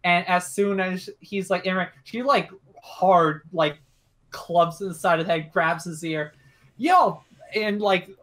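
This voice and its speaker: A woman's voice: on the low side, steady tone, measured pace, fairly bright tone. A young woman narrating a tabletop game as game master, casual and hesitant with many fillers.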